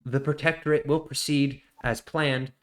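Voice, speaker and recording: A man voicing a flustered male cleric messenger in a tabletop game, hesitant and halting. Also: medium pitch, level tone, pitched above the performer's own voice, close to an everyday voice. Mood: questioning. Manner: hesitant, stumbling over words.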